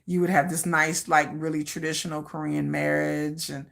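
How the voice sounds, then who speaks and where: A woman hosting a livestream in casual chat, rambling and animated and laughing often. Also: sits low, normal speed, gravelly. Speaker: livestream host.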